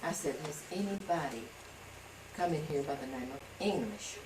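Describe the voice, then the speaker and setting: A woman with a low voice tells a rambling story at home. She acts out everyone's lines as she goes. She is heard from across an echoey room on a home video, with steady noise behind her. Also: moderate pace. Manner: rambling, acts out quoted dialogue. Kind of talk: casual storytelling. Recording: roomy home video from a distance, background noise.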